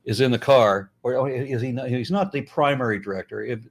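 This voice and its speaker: A middle-aged American man talking casually as a guest, blunt and profane, animated, with frequent restarts. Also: medium pitch, fairly quick. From United States. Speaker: YouTuber and guest. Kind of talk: casual conversation.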